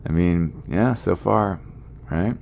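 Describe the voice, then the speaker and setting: A man's voice: sits low, slow, vocal fry, dull audio, a little hiss or hum. A man, a comedian hosting his podcast, chatting casually in a rambling, self-deprecating way with asides to his listeners.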